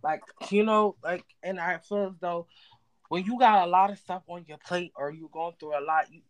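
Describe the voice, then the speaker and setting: A woman's voice: on the low side, normal speed, poor audio. A woman guest on a podcast, talking in a casual, emphatic and slangy way.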